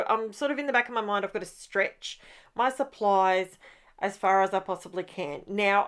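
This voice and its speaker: A woman's voice: mid-range voice, a bit bright. A woman hosting a crafting video, chatting casually as she works and often wandering off track. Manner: rambling, self-interrupting, chatty. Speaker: crafting channel host.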